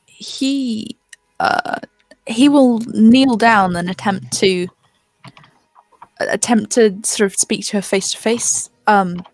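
A woman's voice: medium pitch, slow, no echo. A woman playing a tabletop game, describing her character's actions tentatively. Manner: tentative, thoughtful. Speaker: player. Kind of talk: tabletop role-play.

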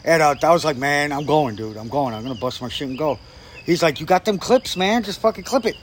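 Guy telling a story, swears a lot, does everyone's lines, kinda high voice, some faint crickets behind. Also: lively intonation, brisk, a little hiss or hum. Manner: profane, acts out quoted people. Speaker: guest storyteller. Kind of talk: casual storytelling chat.

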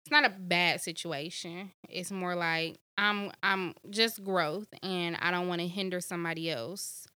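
Bright-voiced candid young woman podcaster. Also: on the low side, unhurried, smooth, dry recording, studio quality. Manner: candid, animated storytelling with acted-out quotes. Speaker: podcast co-host. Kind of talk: casual podcast chat.

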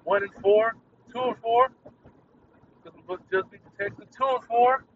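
A man's voice: very high-pitched, moderate pace, recorded from a distance, narrow, tinny audio, a little hiss or hum. A young man ranting casually, irritated and swearing, breaking into laughter at his own jokes. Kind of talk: casual venting monologue.

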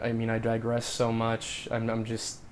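A man's voice: mid-range voice, monotone, moderate pace, slight background noise. A man co-hosting a podcast in casual chat, talking in a rambling way about his acting classes and writing. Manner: rambling, many restarts and fillers. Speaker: podcast co-host and acting student.

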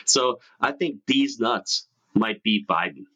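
Bright-voiced man, crude casual chat. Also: medium pitch, slow. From New York. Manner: crude, swearing, laughing often. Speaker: podcast host.

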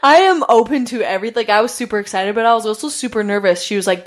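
Talking very fast in a voice on the high side, a woman podcast host recounts a personal story. She keeps it casual and chatty, saying "like" constantly and laughing frequently.

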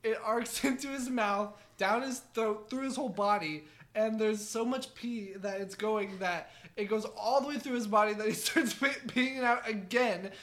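A man's voice: high voice, normal speed, hardly any pauses, fairly bright tone. A man co-hosting a podcast, telling a crude story in casual chat, often giggling and rambling. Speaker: podcast co-host.

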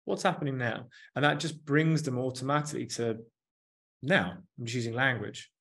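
This is a candid, conversational interview with a coach or therapist guest, a man in his 30s. His voice sits in the middle range with a fairly bright tone and a moderate pace. Earnest and reflective, he leans heavily on "like" and "you know" as he talks.

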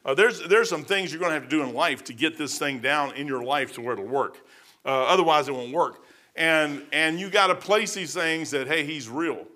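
A man's voice: on the high side, normal speed, pushed and bright. A man preaching informally, rambling through personal stories in a folksy way, often repeating words and acting out conversations.

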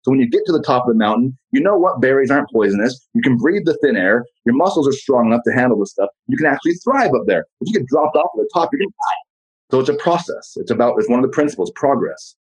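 A man as a podcast guest in casual motivational talk, blunt and profane, telling animated stories. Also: mid-range voice, fast talker, breathy edge, rough recording.

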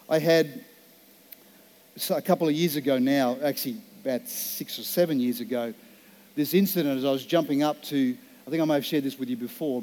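A pastor delivers a sermon in a mellow, rather high voice. He tells a personal story slowly and earnestly, leaning into each phrase for emphasis.

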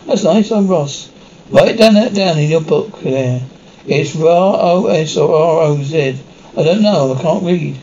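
Rambling jailbird. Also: male voice, a little high, lively intonation, measured pace, mellow. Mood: friendly. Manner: rambling, blunt, swears casually. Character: rambling, childlike, crude male prison inmate. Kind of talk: scripted sitcom acting. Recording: slightly muffled TV sound with faint noise.

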